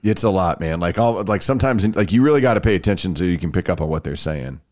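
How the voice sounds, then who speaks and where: Low-pitched and darkish in tone, a podcast host talks quickly and with animation, rambling casually and frequently starting over. The recording is clean studio sound with no echo.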